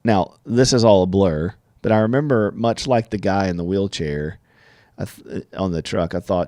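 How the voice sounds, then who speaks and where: A man's voice: low voice, normal speed, a little mellow, dry recording. A man tells his own story in an earnest, reflective monologue. He often stumbles and restarts his words as he goes. The sound is dry and close, with no room in it. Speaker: podcast guest telling his story.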